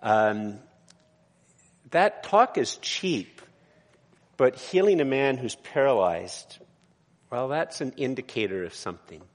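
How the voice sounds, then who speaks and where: A man's voice: mid-range voice, expressive, slow, long pauses, long reverb tail. A man, a pastor, preaching a conversational sermon in a church, with frequent restarts and asides.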